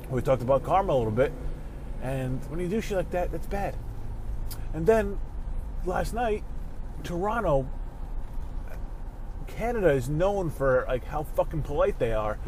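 A man hosting a casual sports talk show from his car while driving, ranting and swearing, quick to flare into angry outbursts. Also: on the high side, expressive, darkish tone, a little hiss or hum. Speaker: show host.

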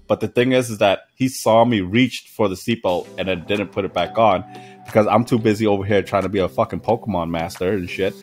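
A man's voice: on the low side, brisk, faint music behind. A man in his twenties telling a story in a casual podcast chat, laughing often and swearing freely. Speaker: podcast host.

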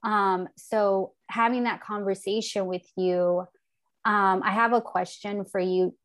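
A woman's voice: medium pitch, fairly even intonation, takes it slowly. A woman in her forties talking in an earnest, reflective way, casual and candid, with the odd swear word, as a podcast host. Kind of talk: candid heartfelt conversation.

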